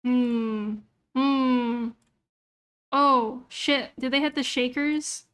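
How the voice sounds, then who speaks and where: A woman's voice: sits high, steady tone, drawn-out words, fairly bright tone, clean tone. A young woman streamer chatting casually on a livestream, muttering to herself as she browses and swearing freely. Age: young adult. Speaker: VTuber streamer.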